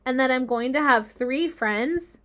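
A woman voicing a gentle, earnest young male pig who speaks warmly and formally. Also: high-pitched, a little slow.

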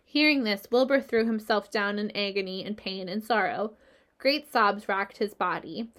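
A woman reading a children's novel aloud, telling the story in a measured, gentle way. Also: mid-range voice. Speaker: reader.

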